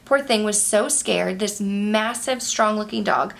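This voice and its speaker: A woman's voice: medium pitch, a little slow, creaky. A young woman talks casually while doing her makeup. She tells a story in a chatty, exasperated way. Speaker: beauty vlogger. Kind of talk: casual makeup tutorial chat.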